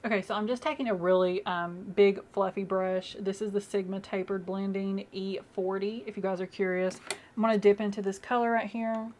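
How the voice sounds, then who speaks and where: A woman's voice: medium pitch, a little mellow, a little hiss or hum. Chatty young woman doing her makeup. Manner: chatty, rambling, with many fillers. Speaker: makeup vlogger. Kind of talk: casual get-ready-with-me chat.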